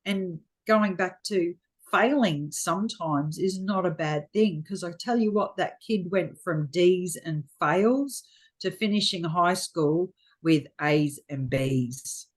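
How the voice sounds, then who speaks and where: A woman's voice: on the low side, slow pace. A middle-aged Australian woman, a frank, chatty guest telling stories in a casual interview. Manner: frank, chatty storyteller acting out quotes.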